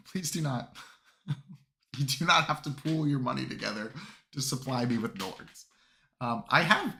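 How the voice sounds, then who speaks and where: A man hosts a casual livestream with a bright, forward tone. He rambles through fillers and restarts and chuckles often. He sounds close to his desk mic. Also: medium pitch. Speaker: streamer reviewing army lists.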